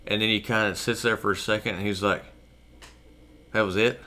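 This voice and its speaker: A man co-hosting a podcast, telling animated anecdotes in casual chat and mimicking the people he quotes. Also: fairly low pitch, fast talker, slight background noise. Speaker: podcast co-host.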